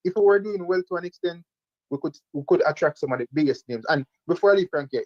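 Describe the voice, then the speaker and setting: A man co-hosting a casual football talk show, talking quickly and hedging with fillers. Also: on the high side, animated, no room sound, lo-fi sound. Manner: quick, hedging with "like" and "you know". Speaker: co-host.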